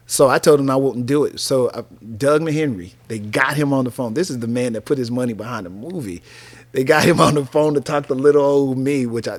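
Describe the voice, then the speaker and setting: A man in his fifties from North Carolina spins stories from his radio days in a relaxed sit-down interview. He talks in an easy, slangy way, laughing as he goes, at a middle pitch that rises and falls freely. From North Carolina, USA. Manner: animated, laughing storyteller using casual slang. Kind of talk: casual interview storytelling.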